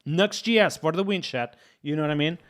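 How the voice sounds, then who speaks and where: A man's voice: on the high side, a little fast. A young man live-streaming while he codes, thinking aloud, repeating himself and talking straight to his chat. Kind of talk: casual live-stream commentary.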